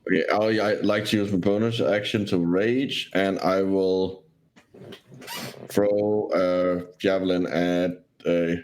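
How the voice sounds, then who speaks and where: A man playing a tabletop game over an online call, deliberate and thinking out loud. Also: low-pitched, fairly even intonation, a little hiss or hum. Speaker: player. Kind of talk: casual game chat.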